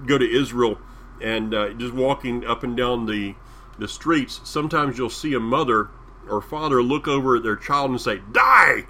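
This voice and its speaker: A man with a Southern US accent preaching a sermon, drawing out key phrases with deliberate emphasis. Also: medium pitch, fairly bright tone, slight background noise.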